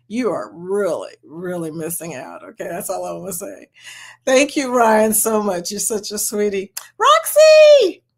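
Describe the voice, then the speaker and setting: A woman hosting a casual live stream, bubbly and laughing often as she greets chat members one by one. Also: mid-range voice.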